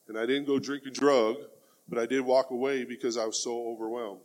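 A middle-aged man speaks at an ordinary medium pitch, telling his own story in an earnest, heartfelt way. His talk is plain and casual, and he often drops in the word "man". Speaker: speaker giving personal testimony. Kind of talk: earnest spoken testimony.

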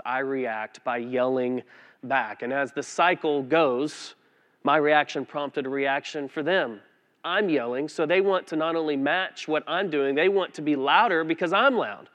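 A pastor preaching a sermon tells a personal story in an animated, conversational way, often restarting his sentences. His voice is a little high.

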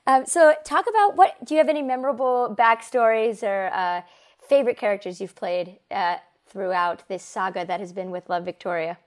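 A woman's voice: medium pitch, normal speed. A woman hosting a podcast interview, enthusiastic and giggly, with plenty of ums and uhs. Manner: enthusiastic, giggly, many fillers. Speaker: podcast host.

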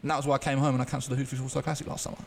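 A man's voice: mid-range voice, little pitch movement, creaky, slight background noise. A man, a podcast guest, telling a candid personal story in an earnest, open way, often restarting his sentences. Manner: halting, frequent restarts and fillers.

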